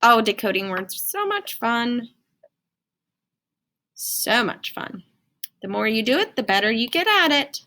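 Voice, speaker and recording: A woman's voice: a little high, sing-song, measured pace, pauses often, pushed and bright. A woman teaching a phonics lesson to children in a singsong, encouraging way. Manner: singsong, encouraging, talks to young learners.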